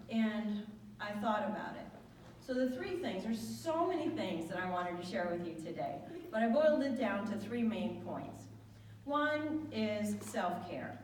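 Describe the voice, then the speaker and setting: A woman speaking at a spiritual center, telling a lively personal story and acting out the dialogue in a raised voice. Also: slight background noise. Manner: animated storyteller, acts out quoted dialogue in a higher voice. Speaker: guest speaker. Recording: echoey hall from far off.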